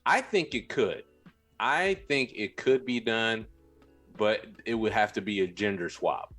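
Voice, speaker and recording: A man's voice: fairly low pitch, measured pace, a bit bright, faint music behind. A man co-hosting a podcast, chatting casually and stating his opinions emphatically. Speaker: podcast co-host. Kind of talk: casual chat.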